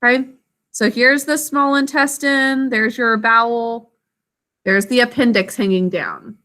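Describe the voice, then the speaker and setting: Woman teacher, higher voice, bright and clear, patient, stretches out syllables, praises kids by name. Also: steady tone, measured pace. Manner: encouraging, praises students by name. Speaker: elementary school teacher. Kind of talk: classroom literacy lesson.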